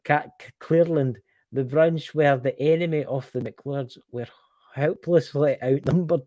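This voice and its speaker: A man's voice: a little high, a little slow, mellow, no echo. A Scottish man co-hosting a casual live stream, reading history aloud with stumbles and jokey mock outrage. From Scotland.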